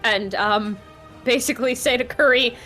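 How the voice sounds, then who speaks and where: A woman's voice: a little high, normal speed, bright, forceful tone, faint music behind. A woman playing a tabletop game, talking hesitantly with many fillers and giggles. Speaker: player.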